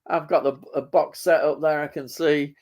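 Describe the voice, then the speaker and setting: A man's voice: on the high side, little pitch movement, moderate pace, darkish tone. A man from Leeds with a Yorkshire accent, hosting a live stream and reading out viewer comments in an easygoing way. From Leeds, England. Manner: easygoing, laughs often, says "aye" and "lad".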